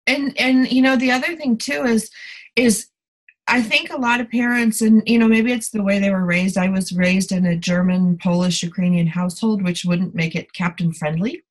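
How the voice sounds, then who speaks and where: A woman's voice: mid-range voice, fairly even intonation, moderate pace, rough recording. A middle-aged woman in casual conversation, telling personal stories candidly in a confiding way. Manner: candid storytelling, warm confiding tone.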